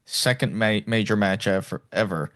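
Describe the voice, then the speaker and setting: An easygoing male podcast host with a fairly low voice, recorded dry and close with no room sound. He talks agreeably and casually, often repeating words as he goes. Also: normal speed, a bit bright, dry recording.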